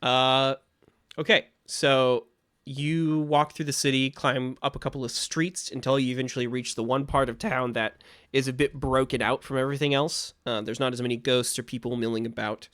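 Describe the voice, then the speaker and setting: A man narrating as game master in a relaxed way, with frequent fillers. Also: mid-range voice, normal speed, dry recording, studio quality.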